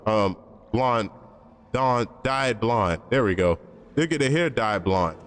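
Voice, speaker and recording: A man's voice: fairly low pitch, lively intonation, slow. Blunt, rambling man streamer in reverb. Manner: blunt, opinionated, rambling with slang and profanity. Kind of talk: casual stream chat.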